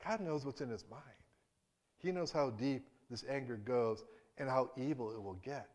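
A man preaching a sermon in a conversational way, with restarts and acted-out quotes, moving between hushed and emphatic. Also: mid-range voice, normal speed.

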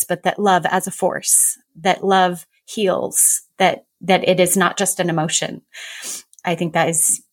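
A woman's voice: lowish voice, dry recording. Affirming woman interviewer, dry sound. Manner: warm, affirming, thoughtful. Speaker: podcast guest interviewer. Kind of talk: reflective conversation.

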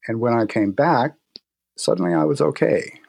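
A man speaking as an interview guest, telling stories in a relaxed way with frequent restarts and pauses. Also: medium pitch, creaky, husky, dry recording. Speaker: guest, herbal medicine practitioner. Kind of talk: casual interview talk.

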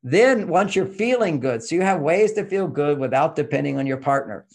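A man's voice: a little high, animated, moderate pace. A man explaining relationship advice in an interview, emphatic and teacherly, pushing his voice up on key points.

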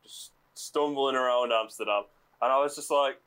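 Guy, mid-pitched, sheepish laughing raconteur. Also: normal speed, a bit bright, smooth, low-quality recording. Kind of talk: casual chat.

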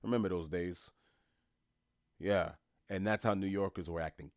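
A man's voice: low voice, normal speed, long pauses, no room sound, studio quality. A man from New York delivering an opinionated solo monologue, talking emphatically and scornfully, repeating his points and often restarting his sentences. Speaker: commentator.

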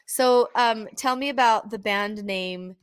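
A woman's voice: on the high side, slow pace, crowd noise. Bubbly woman hosting an interview. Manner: bubbly and enthusiastic. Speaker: host. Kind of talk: casual interview chat.

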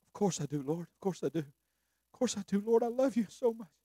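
A man preaching who voices the apostle Peter as humble and guilt-stricken, pleading in a hushed, earnest voice. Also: high-pitched, animated, a little fast, no echo, studio quality. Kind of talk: sermon role-play.

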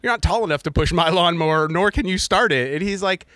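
A man's voice: high voice, fast, pushed and bright, dry recording. Laid-back man swapping dad stories. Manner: laid-back storytelling with upbeat quoted dialogue. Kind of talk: casual chat, storytelling.

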